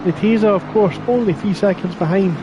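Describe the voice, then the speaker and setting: A man with a high voice provides live sim racing commentary at a fairly quick pace, with background noise in the recording. Chatty, he reads viewer chat aloud between calls of the race action.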